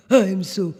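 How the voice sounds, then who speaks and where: A woman's voice: mid-range voice, dark tone, breathy edge. A woman voicing an old, weak, hungry male donkey that quavers and breaks into laughs. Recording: long reverb.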